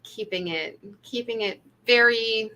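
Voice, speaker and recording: A woman's voice: a little high, unhurried, pushed and bright. A woman casting director co-hosting a podcast, chatting casually and telling anecdotes, laughing easily.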